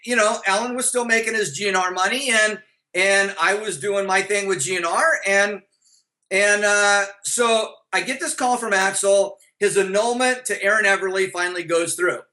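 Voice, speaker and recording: A middle-aged man with a bright, high voice tells stories as an interview guest. He talks bluntly and swears freely, acting out what others said, and often starts his sentences over. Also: steady tone, normal speed, low-quality recording. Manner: blunt and profane, with frequent restarts and acted-out dialogue. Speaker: interview guest, former band manager. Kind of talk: anecdotal storytelling in an interview.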